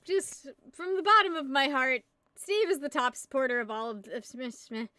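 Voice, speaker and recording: A woman's voice: high voice, normal speed, bright, forceful tone, dry recording. A young woman from the United States chatting casually on a live stream, giggling and rambling as she answers her chat. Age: young adult. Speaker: livestreamer.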